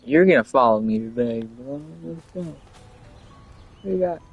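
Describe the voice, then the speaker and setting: A man's voice: medium pitch, expressive, moderate pace, slightly rough, phone-quality sound. A young man streaming a video game, chatting in a rambling, jokey way and laughing often. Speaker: livestreamer. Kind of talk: casual gameplay commentary. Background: faint game music.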